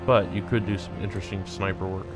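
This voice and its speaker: A man's voice: sits low, little pitch movement, quick pace, over loud music. A man hosting a let's play, thinking aloud and reading game text as he plays. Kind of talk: casual gameplay commentary.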